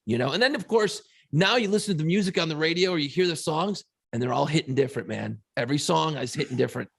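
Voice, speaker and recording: A man's voice: fairly high pitch, expressive, fast talker, creaky, husky, no echo, studio quality. A middle-aged man co-hosting a podcast, telling an emotional story with plenty of swearing and quoted reactions. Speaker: podcast co-host and radio host. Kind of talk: casual podcast chat.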